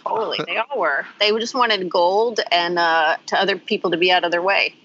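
Bright-voiced woman, laughing co-host. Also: on the low side, steady tone, a little hiss or hum. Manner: agreeable, laughs often, quick back-and-forth replies. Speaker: podcast co-host. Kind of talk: casual chat. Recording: slightly dull lo-fi sound.

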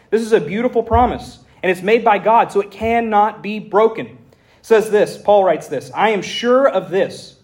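A man preaching a sermon as pastor, reading scripture aloud in an animated way with folksy asides. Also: high-pitched.

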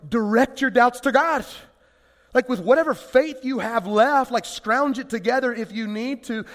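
A male pastor preaching a sermon in a church, conversational and animated, with many rhetorical questions to the room. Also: very high-pitched. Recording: long reverb of a large hall.

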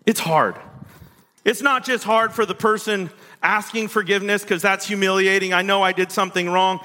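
A pastor preaching a sermon. He preaches with big swings in pitch. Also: fairly bright tone. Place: church sanctuary. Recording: long reverb of a church hall.

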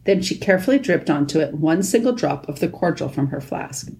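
A woman narrating a children's storybook at a steady pace. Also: deep voice, brisk, few pauses. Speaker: audiobook narrator.

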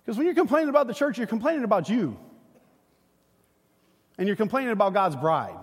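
Pastor guy, kinda high voice, telling a story mid-sermon, big echoey hall. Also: a little fast, slightly rough. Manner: storytelling, animated and conversational. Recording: long hall reverb.

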